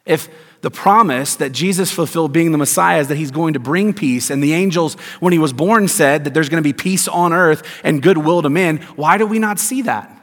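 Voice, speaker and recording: A man preaching a sermon as pastor, emphatic, with rhetorical questions and deliberate stresses. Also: fairly high pitch, a bit bright. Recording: long hall reverb.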